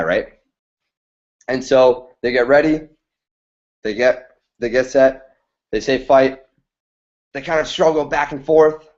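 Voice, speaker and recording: A man telling a story in a casual way on his live stream, often checking in with listeners with a quick "right?". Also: medium pitch, a little mellow. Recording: dull lo-fi stream audio.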